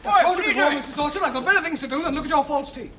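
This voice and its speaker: A young actor playing a flustered, well-meaning young doctor who stammers and sounds bewildered. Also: male voice, very high voice, racing. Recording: sitcom audience laughter, faint hiss.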